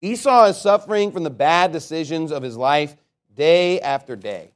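Animated male preacher, higher voice. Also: normal speed. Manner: animated, rhetorical questions, laughs at own asides. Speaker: pastor. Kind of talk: sermon.

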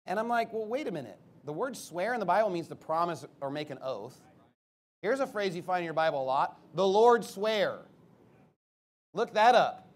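A man, a pastor, preaching in a defensive, emphatic way, firing rhetorical questions and rising to loud outbursts. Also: sits high, expressive, moderate pace.

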